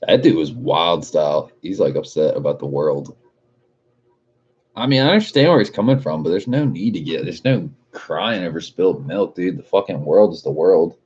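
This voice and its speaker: A man's voice: deep voice, animated, normal speed, a little mellow, slightly rough, highs cut off. A man hosting a casual livestream, reading viewer comments aloud and joking with a lot of profanity and frequent laughter. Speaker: livestream host.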